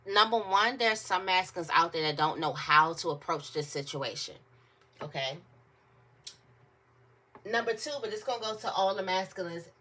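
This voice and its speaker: A woman's voice: lowish voice, pushed and bright. A woman giving a casual tarot reading to her viewers, chatty and repetitive, with emphatic asides. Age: adult. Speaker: tarot reader.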